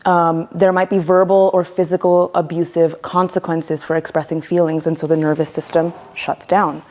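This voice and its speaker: A woman teaching a voice workshop, lively and playful, acting out the voices she quotes. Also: on the low side, moderate pace. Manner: animated, acts out quoted voices. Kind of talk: workshop lecture.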